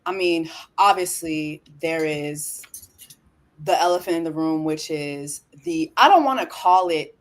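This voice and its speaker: A woman's voice: low voice, measured pace. A woman hosting a podcast interview, asking curious, supportive questions. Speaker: podcast host.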